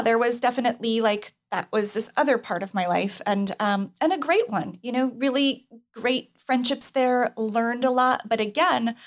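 Female podcast guest, a bit high-pitched, earnest and reflective. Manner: reflective, earnest, light laughs. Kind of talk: casual interview chat.

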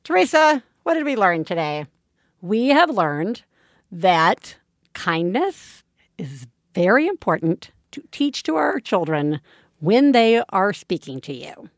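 A woman co-hosting a parenting podcast in casual chat, effusive and animated, laughing often. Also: medium pitch, slow pace, no echo, studio quality. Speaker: podcast co-host.

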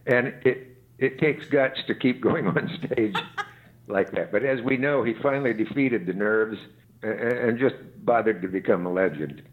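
A man's voice: medium pitch, normal speed. Older man's dry wit over a tinny call. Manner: dry, wry humor. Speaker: guest expert. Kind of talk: anecdotal storytelling. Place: his home. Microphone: video call. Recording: tinny internet call line.

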